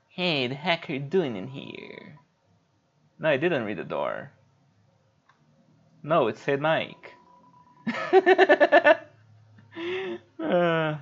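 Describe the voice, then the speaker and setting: Here a medium-pitched male streamer rambles through casual gameplay chat, cursing freely along the way. The recording has its highs cut off.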